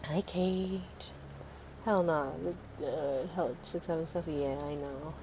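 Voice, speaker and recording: A woman's voice: low voice, slow pace, noisy background. A woman in her thirties chatting casually on a live stream, rambling and sarcastic, swearing freely.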